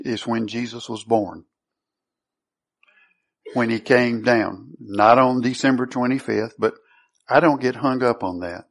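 Preacher, male, mid-pitched, question-and-answer sermon style. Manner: asks the congregation rhetorical questions and answers them; reads scripture aloud, then comments on it. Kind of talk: sermon, Bible teaching.

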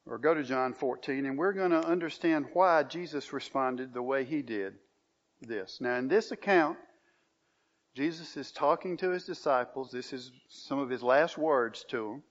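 A man preaching a sermon, reading scripture and pressing his points with emphatic rises in pitch. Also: moderate pace. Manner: emphatic, rising on key phrases, reads scripture aloud. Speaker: pastor. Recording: dull lo-fi recording.

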